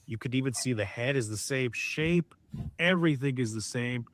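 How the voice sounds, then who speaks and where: A man casually and excitedly recapping a documentary on a podcast, often quoting the people in it. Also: mid-range voice, normal speed, dry recording. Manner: excited retelling, quotes people. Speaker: podcast co-host.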